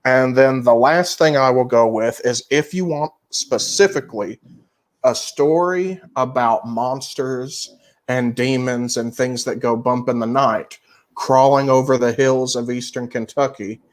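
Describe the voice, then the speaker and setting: A man's voice: medium pitch, a little slow. A man co-hosting a podcast, recommending books and films in casual chat with an emphatic, profane manner. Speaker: podcast co-host.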